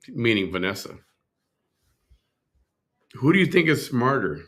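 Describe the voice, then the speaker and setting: A man hosting a reaction show, commenting in a relaxed, chatty way with hesitant fillers. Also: mid-range voice, measured pace, long pauses. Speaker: reaction video host. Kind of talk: casual commentary.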